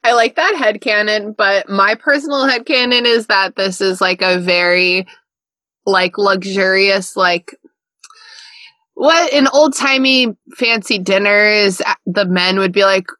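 Bright, lively woman co-hosting a chat. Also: medium pitch, a little slow, no room sound. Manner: laughing, swearing, enthusiastic. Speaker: podcast co-host. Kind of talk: casual chat.

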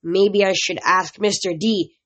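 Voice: medium pitch, steady tone, a little slow, fairly bright tone. Tough, defiant teen warrior girl, voiced by an amateur audiobook reader. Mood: angry. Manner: snapping, defiant.

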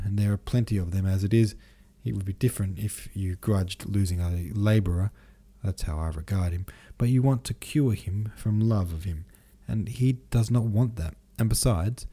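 A man's voice: sits low, mellow. A man reading the part of a brooding, bitter young nobleman who argues in a gloomy, cutting way.

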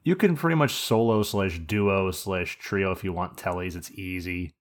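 A man's voice: low-pitched, normal speed. A man co-hosting a casual gaming podcast, rambling and swearing as he talks through game strategy. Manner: rambling, profane, joking. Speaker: podcast co-host.

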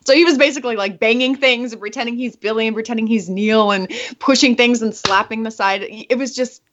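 A woman's voice: a little high, brisk, a bit bright. A woman guest in a casual interview, chatty and bubbly, laughing often as she tells stories. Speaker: actress and veteran guest. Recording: muffled lo-fi audio.

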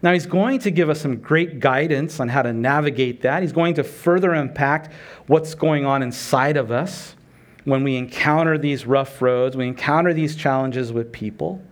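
A man's voice: mid-range voice, normal speed. A middle-aged man preaching a sermon in a conversational way, asking rhetorical questions and acting out prayers and dialogue. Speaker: pastor.

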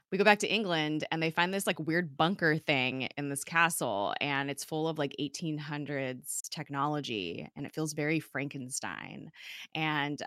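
A woman's voice: low voice, pushed and bright, no room sound, studio quality. A woman casually recapping a TV episode, chatty and full of fillers, laughing often. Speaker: podcast co-host recapping a TV episode.

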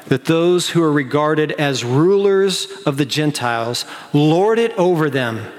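Animated pastor preaching in a reverberant hall. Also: male voice, a little high. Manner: animated, acts out the disciples in quick excited asides. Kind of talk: sermon.

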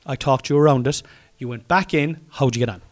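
A man's voice: mid-range voice, brisk. Teasing Irish man, casual banter. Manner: teasing, playful, bursts into loud mock shouting. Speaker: podcast co-host. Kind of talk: casual chat.

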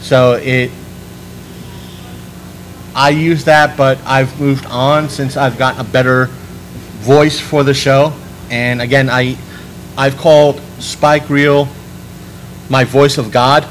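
A man hosting a podcast in casual chat, rambling and restarting his sentences, animated when he quotes people. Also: mid-range voice, slow, pauses often, a little hiss or hum, poor audio. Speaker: podcast host.

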